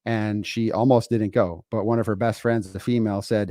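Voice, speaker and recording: A man's voice: fairly low pitch, steady tone, normal speed, dark tone, no room sound, studio quality. A man in his forties co-hosting a motivational podcast, talking casually and emphatically and repeating words as he goes. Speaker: podcast co-host. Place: home studio. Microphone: remote streaming setup.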